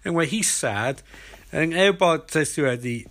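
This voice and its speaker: A man's voice: on the high side, animated, moderate pace, fairly bright tone. Sarcastic, rambling man recapping a show. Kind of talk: comedic episode recap.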